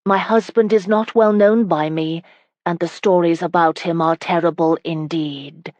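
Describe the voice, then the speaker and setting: A woman's voice: on the low side, steady tone, a little slow, darkish tone, dry recording, lightly acted. A woman reading an audiobook voicing a spirited young noble bride who teases her husband, in a lifted, playful delivery. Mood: teasing.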